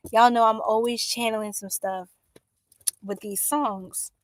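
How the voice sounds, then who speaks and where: A woman's voice: fairly high pitch, fairly even intonation, a little slow, no room sound. Chatty, exclamatory woman reading signs. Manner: chatty, exclamatory, drawls with fillers. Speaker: astrology tarot reader. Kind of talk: casual live-stream reading. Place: home room by a window.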